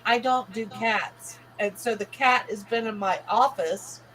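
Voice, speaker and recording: A woman, co-hosting a casual chat and telling a lively story, acting out the voices she quotes. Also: medium pitch, measured pace, a little hiss or hum, poor audio. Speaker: podcast co-host.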